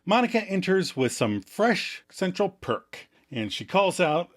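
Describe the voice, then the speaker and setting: Male podcast co-host, expressive and a touch high, animated recap. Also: a little slow, noisy background. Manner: animated storytelling, reads quotes in character. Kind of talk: casual episode recap.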